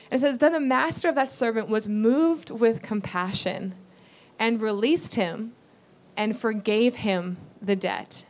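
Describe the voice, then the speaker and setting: A woman's voice: on the high side, lively intonation, a little slow. A woman giving a sermon, reading scripture aloud and explaining it earnestly, repeating key phrases and asking rhetorical questions. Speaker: Bible teacher.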